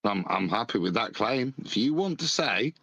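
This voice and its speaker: Low-voiced guy on a stream, dry and teasing, close mic no room. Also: expressive, moderate pace, a bit bright, no room sound. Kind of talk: casual live-stream chat.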